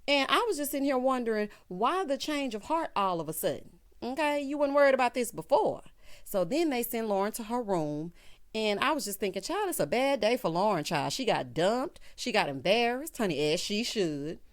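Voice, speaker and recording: A woman's voice: on the high side, big pitch swings, normal speed. A woman recapping a TV episode in a sassy, chatty way, talking straight to her viewers. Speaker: TV recap vlogger. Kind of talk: casual episode recap commentary.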